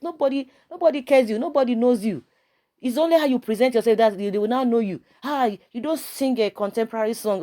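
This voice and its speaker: A woman's voice: fairly high pitch, fast talker, dark tone. A woman with a Nigerian accent giving passionate, preachy video commentary, full of rhetorical questions and stammered repeats.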